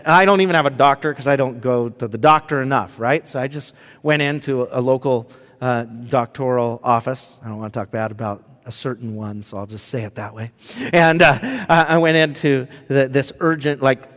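A man preaching in a relaxed, conversational way, telling a personal story with lots of fillers and acted asides. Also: mid-range voice, moderate pace. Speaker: pastor. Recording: long hall reverb.

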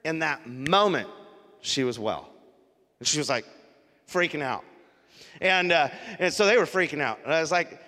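A man preaches to his congregation in a relaxed, storytelling manner, his fairly high voice bright and forceful. The sound rings with the long reverb of a large hall. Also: moderate pace, long pauses. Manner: conversational storytelling, animated. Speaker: pastor. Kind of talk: sermon. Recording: live sermon in a reverberant hall.

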